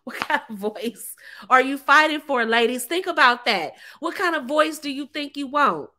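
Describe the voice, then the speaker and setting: A woman talks to her viewers in a sassy, emphatic way. Her voice sits a little high and rings very bright. She laughs often and calls her audience ladies and honey. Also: animated, normal speed. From United States. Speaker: relationship advice vlogger. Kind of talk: casual talk to camera.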